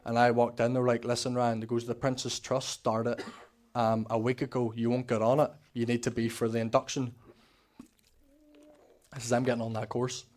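Young Northern Irish man, church testimony, candid storyteller, steady monotone delivery. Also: medium pitch, moderate pace. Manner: candid storytelling, acting out quoted dialogue. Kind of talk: personal testimony.

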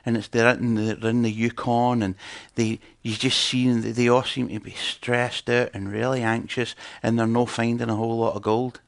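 A man's voice: mid-range voice, level tone, normal speed, gravelly, hardly any pauses, dry recording, studio quality. A man preaching in a conversational teaching style, chatting and putting questions to his audience.

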